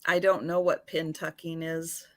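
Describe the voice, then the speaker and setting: A woman's voice: deep voice, level tone, measured pace, no echo. A woman with a Washington State accent, a guest on a live chat, talking with laughing, mock-indignant banter and many fillers. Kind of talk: casual live-stream chat.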